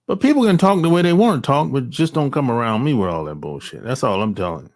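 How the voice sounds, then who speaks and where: A man's voice: medium pitch, lively intonation, fast. A man talking straight into his phone, blunt and slangy, with mocking asides. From United States. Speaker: vlogger. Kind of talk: casual opinion monologue. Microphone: cell phone.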